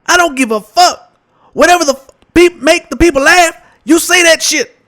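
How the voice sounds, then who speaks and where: A man doing a stand-up impression of a blunt, foul-mouthed older male comedian who gives advice in rapid, profane and dismissive talk. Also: very high-pitched, bright, forceful tone, voice pushed up. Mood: brash.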